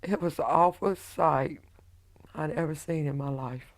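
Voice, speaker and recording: A middle-aged woman, a widow giving emotional personal testimony in a halting way, full of quoted dialogue. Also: low voice. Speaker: widow telling her story.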